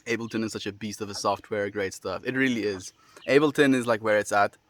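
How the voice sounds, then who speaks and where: A man hosting a daily livestream, reading chat comments aloud and answering them in a relaxed, friendly way with lots of fillers. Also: fairly low pitch, fairly quick. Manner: relaxed and friendly, many fillers, laughs often. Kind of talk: casual chat.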